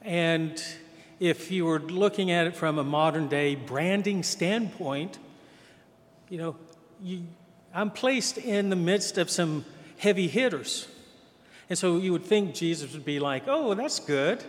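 A male pastor delivers a sermon at an unhurried pace, his voice pitched a little high. He tells the gospel story conversationally and acts out the quoted voices. Long reverb from a church hall trails behind his words.

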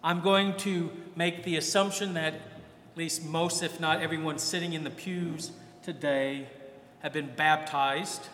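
Male priest, high voice, slow deliberate delivery, echoey church recording. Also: steady tone, a bit bright, slight background noise. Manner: conversational preaching, acts out quoted voices. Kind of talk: sermon.

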